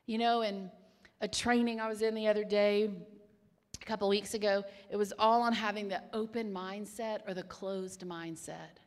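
A woman preaches a sermon in a medium-pitched voice at normal speed, her words echoing with a big-room sound. She tells stories in an animated, emphatic way, swinging from hushed whispers to loud exclamations.

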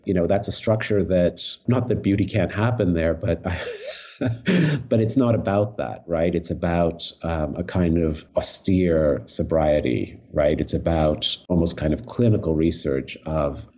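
A man's voice: low voice, warm tone, breathy edge, highs cut off. A man, an artist, answering interview questions thoughtfully, searching for words with frequent restarts. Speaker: guest artist.

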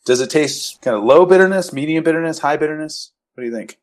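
A man's voice: fairly high pitch, fast. A middle-aged man hosting a casual podcast chat, explaining things in detail and quizzing his guests. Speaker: podcast host.

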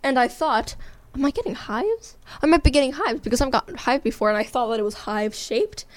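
A woman's voice: high voice, lively intonation, fairly quick, no room sound. A young woman, a teenage podcast co-host, chatting in a giggly, rambling and self-mocking way. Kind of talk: casual podcast chat.

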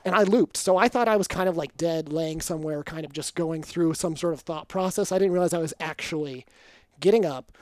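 A man's voice: on the high side, fairly quick, no room sound. A young man casually telling a story on a podcast, acting out quotes with swearing. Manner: animated, acts out quotes with swearing.

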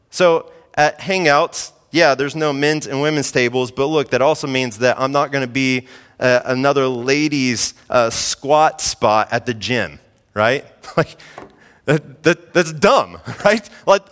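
With hall reverb in the background, a thirtysomething pastor delivers a casual, conversational sermon, often using "like" and repeating points to drive them home. He has a mid-range voice with a fairly bright tone.

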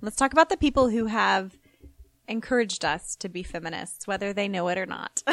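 A woman's voice: medium pitch, very animated, moderate pace, fairly bright tone, no echo. A young woman co-hosting a podcast, chatting casually and steering the talk back to the topic. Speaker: podcast co-host. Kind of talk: casual chat.

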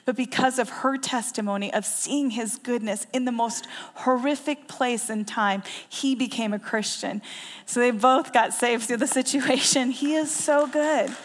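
A woman's voice: a little high, fairly even intonation, moderate pace. A woman preaching a sermon, telling a story in earnest and repeating key phrases for emphasis. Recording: long hall reverb.

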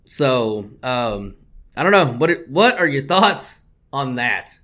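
A man's voice: mid-range voice, very animated, takes it slowly, pushed and bright. A man hosting a sports betting podcast, talking bluntly and swearing a lot as he gets worked up. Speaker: podcast host.

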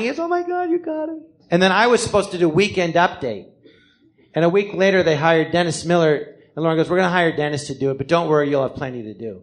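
A man, a comedian, telling his life story on a live podcast, acting out the voices of the people in it and swearing freely. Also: on the high side. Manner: animated, acts out other people's voices in quotes; swears freely, self-deprecating. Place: theater stage before a live audience.

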